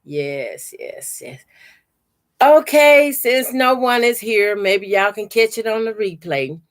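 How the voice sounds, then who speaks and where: Slow-talking woman hosting a craft livestream. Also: medium pitch, animated. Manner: chatty, greets viewers by name, Southern-style "y'all". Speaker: quilting channel host. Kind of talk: casual livestream chat. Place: home room by a door.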